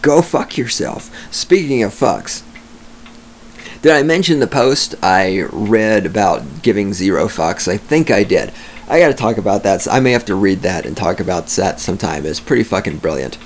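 Low-voiced guy ranting on his own podcast, sarcastic and swearing a lot, pitch jumping all over, bit of noise in the back. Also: big pitch swings, moderate pace. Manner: profane, sarcastic, ranting, swings into shouting. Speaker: podcast host. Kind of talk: solo podcast rant. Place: home studio at the microphone.

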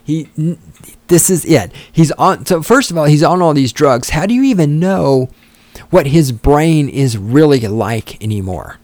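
A man's voice: fairly high pitch, animated, unhurried, a little mellow, no room sound. A man delivering heated, sarcastic, profane commentary as a political commentator. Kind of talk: ranting commentary.

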